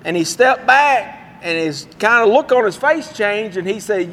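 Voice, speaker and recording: A man's voice: high-pitched, expressive, unhurried, fairly bright tone, a little hiss or hum. A male pastor preaching a sermon in a folksy, storytelling way, in a church sanctuary. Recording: long hall reverb.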